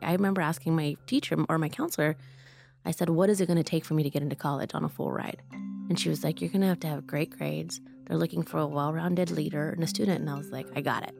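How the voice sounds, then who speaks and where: A young woman from Mexico recounts her life in a candid, chatty interview, acting out the voices of the people she quotes. Her voice sits notably low, and clear music plays behind her. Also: fairly even intonation, fast, darkish tone. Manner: candid, conversational, many fillers and acted-out quotes. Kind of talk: personal storytelling interview.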